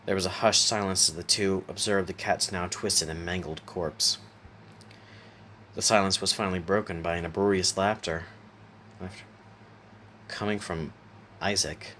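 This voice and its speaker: A man reads a horror story aloud in a low, steady voice, sometimes stopping to correct himself. A faint hiss sits behind the voice. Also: moderate pace. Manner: steady reading with small self-corrections. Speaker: narrator.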